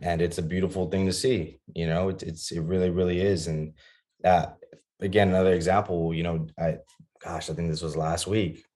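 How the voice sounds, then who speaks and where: A man's voice: sits low, flat delivery, normal speed, dark tone. A man in his thirties talking as a guest on a podcast about being a father, earnest and reflective, with many restarts and fillers.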